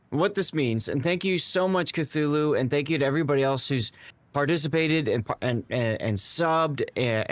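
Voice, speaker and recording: A man's voice: mid-range voice, dry recording. A man streaming live to his viewers, emotional and stammering, repeating himself as he thanks them. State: tearing up. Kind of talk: excited live-stream chat.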